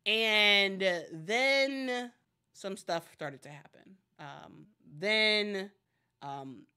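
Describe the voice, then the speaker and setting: A woman's voice: mid-range voice, very slow, bright, forceful tone, clear, resonant tone. A woman hosting casual sports commentary, chatty and addressing viewers directly, often restarting her sentences.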